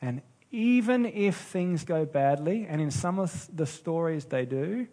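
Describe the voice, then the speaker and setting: A man preaching a sermon as pastor, earnest and unhurried, with pauses and restarts. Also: a little high, lively intonation, warm tone.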